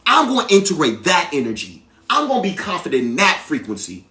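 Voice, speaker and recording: Man, spiritual teacher: bright, high voice; preachy, emphatic delivery with repeated lines and sudden loud bursts. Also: huge pitch swings, a little fast. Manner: swings from loud exclamations to low, quiet asides. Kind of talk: motivational spiritual monologue.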